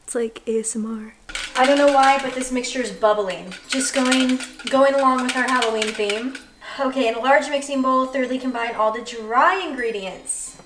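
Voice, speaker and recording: A young woman vlogger chats casually and self-deprecatingly while baking in her home kitchen, rambling along as she works. Her voice is high at a moderate pace, and the roomy kitchen, distant mic and background noise all come through.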